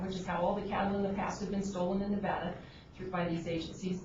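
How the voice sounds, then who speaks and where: A woman's voice: medium pitch, level tone, fast. A woman on an agriculture board giving earnest, pointed, unscripted remarks at a public meeting, with frequent restarts. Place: conference room at a government meeting. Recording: dull, noisy, roomy audio from a distant room mic.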